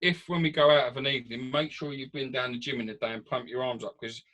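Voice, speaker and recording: Bright-voiced podcast host. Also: male voice, mid-range voice, steady tone, fast talker, slight background noise. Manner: friendly, encouraging, stammers on starts. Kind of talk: casual podcast chat.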